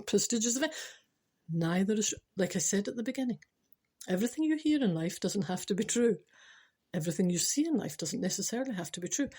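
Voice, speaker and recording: A woman's voice: medium pitch, warm tone, husky. A Scottish woman telling a story casually to an audience, chatty with rambling asides and laughs at herself. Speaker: storyteller host.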